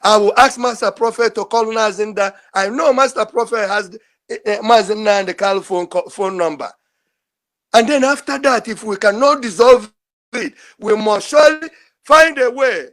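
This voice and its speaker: A man's voice: high-pitched, moderate pace, fairly bright tone. An older man, calling in to a show and speaking in an emotional, pleading, repetitive way. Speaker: caller. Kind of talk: impassioned call-in speech.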